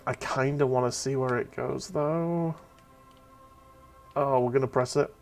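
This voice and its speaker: A man's voice: mid-range voice, fairly even intonation, a little slow, vocal fry, faint music behind. A man hosting a let's play, reacting casually, swearing and reading dialogue options aloud. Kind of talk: casual gameplay commentary.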